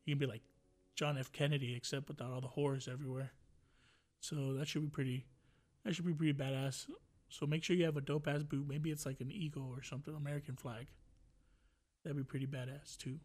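A man's voice: mid-range voice, level tone, fairly quick, darkish tone. A man hosting a podcast alone, rambling and joking with a lot of profanity in casual chat. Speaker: podcast host.

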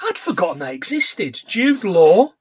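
A middle-aged man co-hosting a podcast, chatting casually about a film, laughing often and retelling scenes in rough put-on voices. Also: high voice, big pitch swings, a little slow, dry recording. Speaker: podcast co-host. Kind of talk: casual chat recapping a film.

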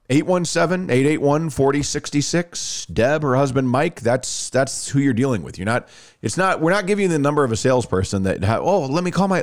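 A man hosting a sports radio show, talking football and reading ads in a lively storytelling way. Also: mid-range voice. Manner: animated storyteller, lively ad delivery. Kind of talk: sports talk and live ad reads.

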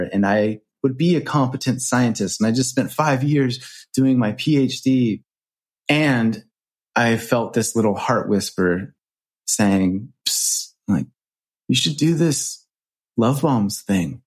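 A man in his thirties, a podcast guest and author, telling reflective stories in an earnest, animated way with casual swearing. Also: on the low side. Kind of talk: reflective storytelling.

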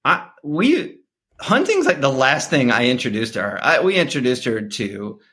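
Man, middle-aged, podcast guest, lively storyteller, swinging pitch. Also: moderate pace. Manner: animated, acts out dialogue with sharp pitch jumps. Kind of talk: casual storytelling interview.

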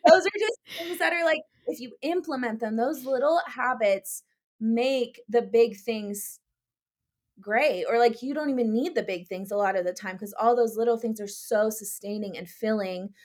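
A young adult woman co-hosting a podcast in casual chat, talking in a relaxed way full of "like" and "you know". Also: fairly high pitch, moderate pace. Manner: chatty, many fillers like "like" and "you know". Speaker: podcast co-host.

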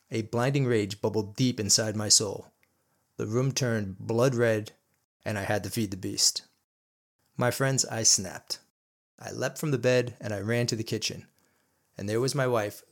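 A man with a rough, gravelly voice at a middling pitch speaks as a podcast host. He tells a personal story in an earnest, intense and blunt way. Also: a bit bright.

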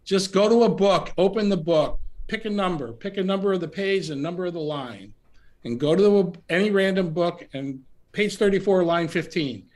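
Male podcast guest, higher voice, soft-spoken and reflective, pauses and restarts. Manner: gentle, unhurried, many restarts and fillers. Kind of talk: reflective interview talk. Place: remote call from home.

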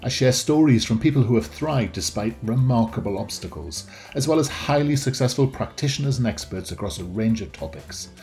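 A man hosting a podcast, talking in a measured, reflective way with frequent fillers as he introduces and questions a guest. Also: on the low side, a little mellow. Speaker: podcast host. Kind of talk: conversational interview.

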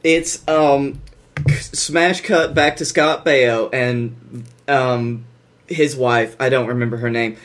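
A man's voice: mid-range voice, steady tone, slow pace, a bit bright. A man co-hosting a podcast, recapping a movie with dry sarcastic asides. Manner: wry, sarcastic, hesitant with fillers. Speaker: podcast co-host. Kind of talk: casual movie review chat.

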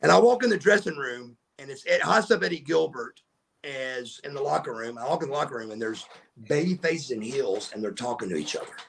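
A middle-aged man, a podcast guest telling stories in a casual, animated way and acting out the voices of the people in them. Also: medium pitch, brisk, vocal fry, a little hiss or hum. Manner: animated storyteller who acts out quoted voices. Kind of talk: casual storytelling.

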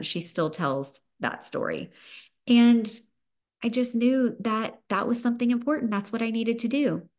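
Upbeat Southern woman giving a pep talk. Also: fairly high pitch. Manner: upbeat, emphatic, pep-talk delivery with rising bursts. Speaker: podcast host. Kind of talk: motivational podcast monologue.

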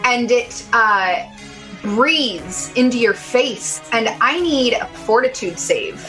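Lady gm narrating a tabletop game, unhurried and descriptive, slightly high voice. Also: lively intonation, a bit bright, faint music behind. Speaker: game master.

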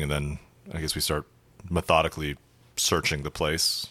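A man's voice: a bass voice, level tone, moderate pace, a bit bright, dry recording. A man playing a tabletop game, chatting casually and correcting himself as he goes. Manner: hesitant, self-correcting. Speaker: player.

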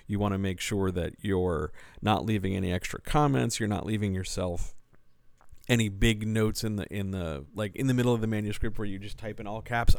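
A man's voice: on the low side, steady tone, a little fast, creaky, clear, resonant tone, no room sound. A man who works as a writing coach and editor, answering listener questions in a casual podcast, talking things through with fillers and restarts. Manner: conversational, explanatory, with fillers and restarts.

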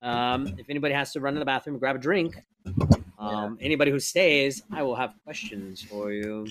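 Man game master, mid-pitched, narrates in halting, restarting bursts. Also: fairly bright tone, a little hiss or hum. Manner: rambling, halting descriptions with many restarts. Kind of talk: narrating a tabletop game on a live stream.

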